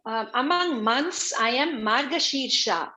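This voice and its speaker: A woman teaches a religious class over a video call. Her voice sits a little high and sounds bright and clear. She talks at an unhurried pace, repeating her phrases as she patiently explains. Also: expressive, soft background music, rough recording. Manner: slow, repetitive, patient explaining. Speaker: spiritual teacher.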